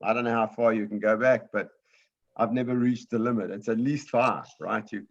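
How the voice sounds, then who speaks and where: A man's voice: fairly low pitch, steady tone, normal speed, muffled recording. A man teaching a beginners' computer class, explaining step by step patiently and often checking in with "right?".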